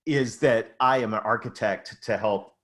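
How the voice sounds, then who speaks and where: A man's voice: fairly low pitch, normal speed, a bit bright. A man from Ontario with a mixed Southern US and Canadian accent, chatting upbeat as a podcast guest, often restarting his sentences. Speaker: podcast guest, revenue growth consultant. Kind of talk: casual podcast conversation.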